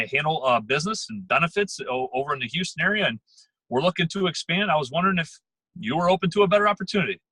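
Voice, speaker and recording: A man giving a motivational talk to a sales team on a call, emphatic and quick, repeating words as he pushes his point. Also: fairly high pitch, sharp tone, slightly rough, dry recording, low-quality recording. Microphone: phone or computer call.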